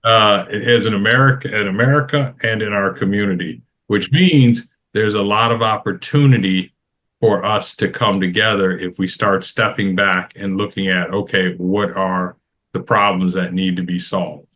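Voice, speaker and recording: A man's voice: fairly low pitch, steady tone, moderate pace, a bit bright. A middle-aged man on a roundtable panel, talking in an emphatic, advice-giving way and repeating phrases for stress. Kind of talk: casual roundtable discussion.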